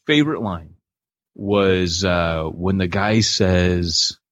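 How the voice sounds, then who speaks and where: A man's voice: deep voice, slow pace, fairly bright tone, no room sound. A man co-hosting a podcast in casual chat, rambling and cutting himself off, laughing often. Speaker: podcast co-host. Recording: dull lo-fi dry sound.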